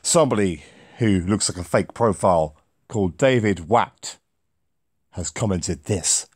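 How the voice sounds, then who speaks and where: A wry man hosts his video channel in a casual, chatty way, thinking aloud as he goes. His voice moves in a lively way, and the recording is dry and close. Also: low voice, a little slow, breathy edge, dry recording. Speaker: host of a conspiracy-watching channel.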